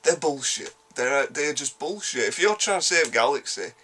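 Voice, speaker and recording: A man with a Yorkshire accent giving a casual spoken game review, animated, blunt and sweary, rambling quickly through his points. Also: a little high, noisy background. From Yorkshire, England.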